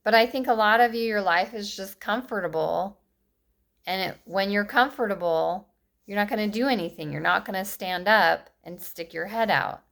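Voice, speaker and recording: A woman's voice: medium pitch, normal speed, gravelly, fairly bright tone. A woman in her fifties ranting passionately to camera, blunt and scolding, with short bitter laughs between points. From United States. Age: 50s. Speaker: vlogger. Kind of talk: impassioned political rant to camera.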